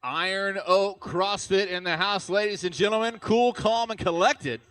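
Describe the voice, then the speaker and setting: A man's voice: high voice, moderate pace, a bit bright, clean tone. A man announcing a live arena fitness competition, hyped and cheering the athletes on. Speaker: event announcer. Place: large indoor arena.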